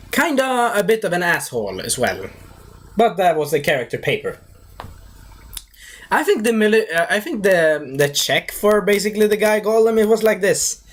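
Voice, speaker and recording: Animated, rambling movie reviewer. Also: medium pitch. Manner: animated and digressive, breaks into silly voices.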